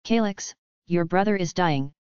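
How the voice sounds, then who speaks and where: A woman's voice: fairly low pitch, measured pace, a little mellow, clear, resonant tone, dry recording, close to an everyday voice. A woman reading stern young alpha man. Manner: stern, commanding. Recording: dull lo-fi, dry.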